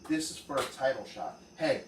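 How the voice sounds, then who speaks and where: A man, a fighter and co-host, talking casually on a podcast in a relaxed, rambling way. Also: mid-range voice, brisk. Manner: relaxed, conversational, trails off with fillers. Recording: roomy and distant with faint background noise.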